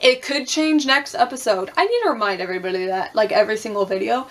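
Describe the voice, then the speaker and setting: A woman's voice: a little high, fast. Chatty young woman recapping reality TV. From Puerto Rican and Cuban heritage. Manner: chatty, swears freely, acts out quotes, laughs often. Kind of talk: casual recap chat.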